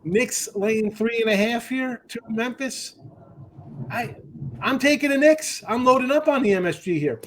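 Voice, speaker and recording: A man's voice: very high voice, animated, measured pace, a bit bright, slight background noise. A man with a New Jersey accent hosting a sports betting show, joking and ranting in casual chat.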